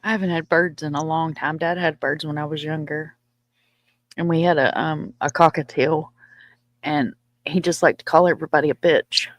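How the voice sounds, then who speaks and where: A woman's voice: low-pitched, fairly even intonation, normal speed, no room sound, clean studio sound. A woman hosting a livestream, chatting casually and laughing often. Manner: chatty, laughs often, baby-talks her dogs. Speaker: livestream host. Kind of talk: casual chat.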